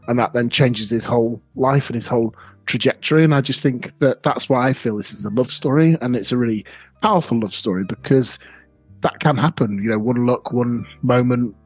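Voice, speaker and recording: A man's voice: mid-range voice, slightly rough, no room sound. A man co-hosting a podcast, talking films in a reflective, hesitant way with many fillers. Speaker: podcast co-host. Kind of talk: casual film discussion.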